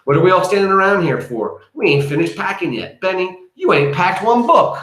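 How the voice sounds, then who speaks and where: A man voicing a proud, warm older grandmother who speaks in a folksy dialect. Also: a little high, sing-song, a little fast, poor audio.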